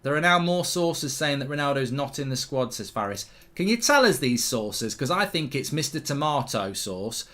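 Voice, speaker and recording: A man hosting a live football watchalong, bluntly reacting to the match and reading viewer comments aloud, his voice jumping up when play excites him. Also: medium pitch, normal speed, few pauses. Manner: blunt, swears casually, rants at the referee. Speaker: host.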